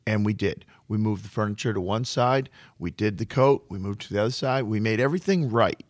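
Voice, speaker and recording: A man who runs a flooring business tells work stories in a relaxed conversation, often repeating a word while he gathers his thoughts. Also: lowish voice, fairly quick, dry recording. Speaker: flooring contractor. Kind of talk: storytelling in a podcast conversation.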